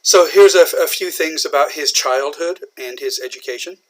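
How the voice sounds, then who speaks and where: An English teacher from southern Indiana, USA, patiently explains an English idiom in a recorded lecture. His voice is a little high, and he uses many pauses and fillers.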